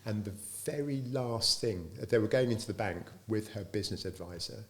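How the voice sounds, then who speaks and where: A man's voice: lowish voice, moderate pace. A middle-aged man, a business founder, tells anecdotes in an interview and acts out the dialogue in them. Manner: lively storyteller who acts out quoted dialogue.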